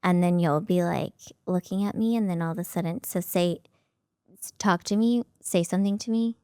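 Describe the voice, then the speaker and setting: A woman's voice: fairly low pitch, normal speed, dark tone, clean tone, no room sound, clean studio sound. A woman in her thirties hosting a podcast, chatting casually, laughing often and acting out both sides of conversations. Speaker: podcast host. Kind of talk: casual chat.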